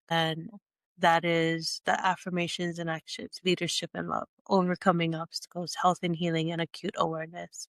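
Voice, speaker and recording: A woman coach with a stuffy, congested nose, teaching a slow and earnest monologue with frequent restarts. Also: lowish voice, a bit bright, dry recording. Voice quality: nasal from congestion. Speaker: speaker and coach.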